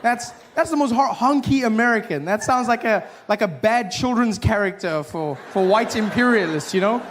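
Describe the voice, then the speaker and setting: Male stand-up comic, high voice, animated delivery, faint crowd noise behind. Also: moderate pace, big-room sound. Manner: animated, acts out voices and shouts. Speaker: stand-up comedian. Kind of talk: stand-up comedy routine. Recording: live stage with faint audience noise.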